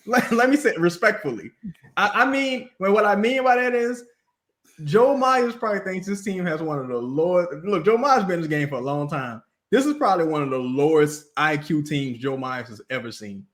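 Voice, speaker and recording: Animated high-voiced man on a sports podcast. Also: normal speed. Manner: animated, mimics announcers, laughs often. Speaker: podcast co-host. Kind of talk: casual sports talk.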